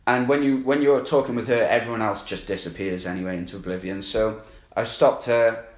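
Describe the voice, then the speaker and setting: A man's voice: fairly low pitch, steady tone, a little fast. A man, a coaching client, candidly recounting his experience in a rambling, profanity-heavy way. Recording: roomy echo.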